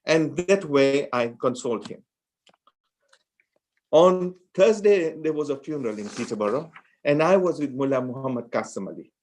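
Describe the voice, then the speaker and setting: A middle-aged man from Mombasa speaks at a memorial gathering. His tribute is heartfelt and halting, and he breaks off and restarts his sentences as the emotion comes through. His voice sits at an ordinary pitch. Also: expressive, darkish tone. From Mombasa, Kenya.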